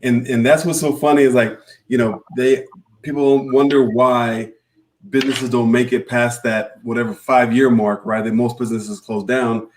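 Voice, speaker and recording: A man's voice: mid-range voice, little pitch movement, moderate pace. A man co-hosting a podcast, chatting casually and affirming what his guest says. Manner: agreeable, affirming. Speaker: podcast host.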